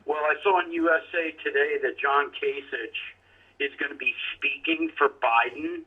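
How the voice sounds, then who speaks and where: A man's voice: on the high side, steady tone, moderate pace, breathy edge. A man calling in to a live talk show over the phone, chatting about the news with the host. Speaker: caller. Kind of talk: phone-in conversation. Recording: tinny phone line.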